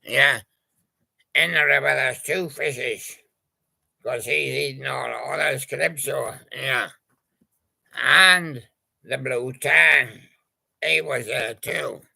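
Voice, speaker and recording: Brief: gravelly, bright-edged male storyteller, slow and meandering. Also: mid-range voice. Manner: rambling and hesitant, full of pauses. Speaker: toy-story narrator. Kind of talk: casual improvised storytelling with toys.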